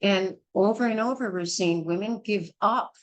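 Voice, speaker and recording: An older woman, a midwife, gives a blunt and forceful childbirth class lecture, scolding and repeating herself. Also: mid-range voice, normal speed, low-quality recording. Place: small indoor class.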